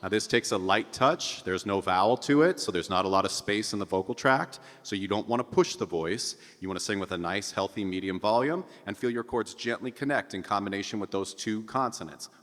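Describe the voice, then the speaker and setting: A man teaching a singing lesson as a vocal coach, explaining clearly and often checking in with "okay?". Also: on the low side, a little fast, few pauses, fairly bright tone. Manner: instructive, checks in with "okay?", calls out over the exercises. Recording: long reverb with piano music behind. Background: piano.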